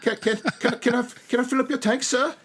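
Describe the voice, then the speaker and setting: A man voicing a timid young orphan boy who stammers in a high voice. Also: fairly even intonation, fairly quick, fairly bright tone.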